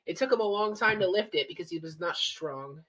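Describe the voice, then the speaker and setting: Woman, plain dry read-aloud, lively pitch. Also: a little fast, low-quality recording. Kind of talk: casual reading aloud with friends.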